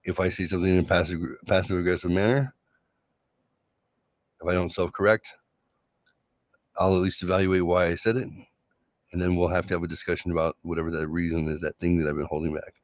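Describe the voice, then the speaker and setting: A man's voice: low-pitched, level tone, brisk, pauses often. A man hosting a solo show, telling a rambling personal story in a sarcastic, casual way with frequent restarts. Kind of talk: casual monologue.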